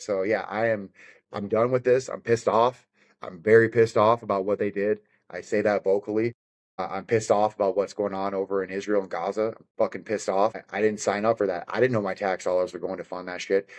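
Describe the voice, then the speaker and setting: A fired-up man on a podcast, rambling and cursing his way through his points. His voice sits on the low side. He talks in an easy, conversational way. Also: little pitch movement, a little fast. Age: adult with children. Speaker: podcast guest, bare-knuckle fighter.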